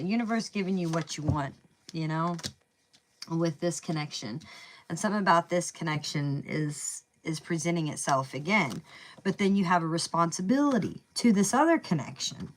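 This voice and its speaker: A woman's voice: fairly low pitch, fairly bright tone, a little hiss or hum. Chatty Southern woman reading tarot. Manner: chatty, thinking aloud, drawls "y'all" and "man". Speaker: tarot reader.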